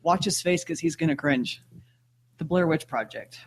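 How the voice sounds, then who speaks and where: A woman's voice: low-pitched, moderate pace, husky. Chatty woman who laughs often. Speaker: podcast co-host. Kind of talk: casual chat.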